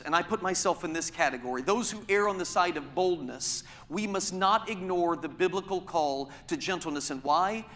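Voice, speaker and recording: Emphatic high-voiced preacher in a hall. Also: male voice, fairly bright tone. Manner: emphatic preaching, rhetorical questions. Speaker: pastor. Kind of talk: sermon.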